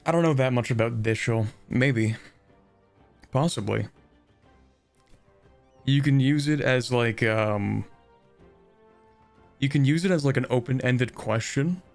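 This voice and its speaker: Gravelly-voiced man chatting while gaming. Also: medium pitch, takes it slowly, pauses often, soft background music. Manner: rambling, thinking aloud with many fillers and chuckles. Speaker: streamer. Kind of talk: casual live-stream chat while gaming.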